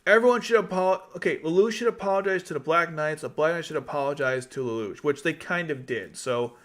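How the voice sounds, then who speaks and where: A man's voice: a little high, a little fast, a bit bright. A man hosting casual gaming commentary, exclaiming in frustration as his voice cracks. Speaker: YouTube host.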